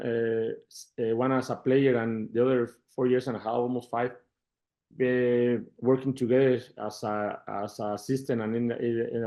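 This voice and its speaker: In an interview, a middle-aged football manager with a Mexican Spanish accent speaks halting English at a medium pitch. Recounting conversations animates him, and he often repeats words.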